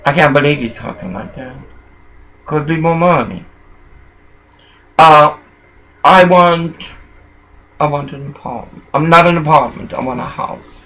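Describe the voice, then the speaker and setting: An older man in a rambling personal monologue, jumping between thoughts and swinging from muttering to loud outbursts. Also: on the high side, unhurried, pauses often, a little hiss or hum, poor audio.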